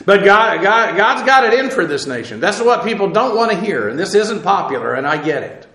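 A man teaching the Bible verse by verse, halting with many "uh"s as he spells out Hebrew words, then pressing his points emphatically. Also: high voice, sing-song, pushed and bright, reverberant. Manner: emphatic, preacherly warnings.

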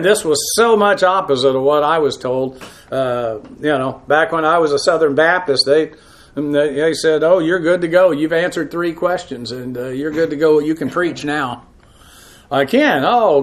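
A man who is a pastor, teaching a verse-by-verse Bible lesson in a halting way, full of uh fillers, with frank, blunt asides. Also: a little high, a bit bright.

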